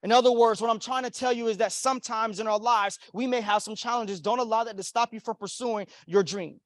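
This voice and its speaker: A young man with a high voice delivers a motivational keynote in a hotel ballroom. He speaks emphatically, repeating phrases and leading call-and-response. The sound is close and dry. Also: a little fast, no echo. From Florida. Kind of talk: keynote speech to a conference audience.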